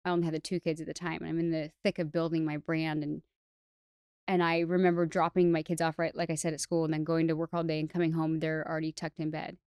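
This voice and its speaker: A woman's voice: low voice, little pitch movement, fast talker, a little mellow, clear, resonant tone, no echo, clean studio sound. A woman guest on a podcast, telling her personal story candidly in a chatty way, with lots of "like" fillers and restarts. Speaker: podcast guest, hairstylist educator.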